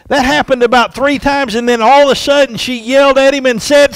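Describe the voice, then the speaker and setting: Male pastor preaching in church. High voice, slow and emphatic delivery, dry close sound. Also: steady tone, clean tone, dry recording. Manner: emphatic, repeats rhetorical questions. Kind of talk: sermon. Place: church sanctuary.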